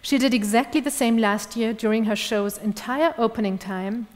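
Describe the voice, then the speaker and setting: Woman lecturing in a reverberant hall. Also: fairly high pitch. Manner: measured, precise academic delivery. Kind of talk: academic lecture read from a script.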